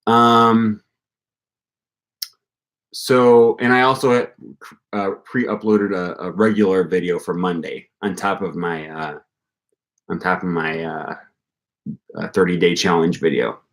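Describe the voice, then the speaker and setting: Young male streamer, low-ish voice, rambling and upbeat, encouraging tone. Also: steady tone, slow pace, pauses often, a bit bright. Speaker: language-learning channel host. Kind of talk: casual livestream chat.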